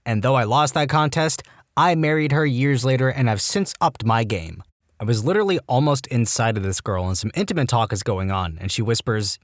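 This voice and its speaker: A man reading reddit stories aloud with animated delivery and wry asides. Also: mid-range voice, fairly quick, dry recording, clean studio sound. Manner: animated, jumps into quoted voices with wry asides. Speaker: storytime narrator.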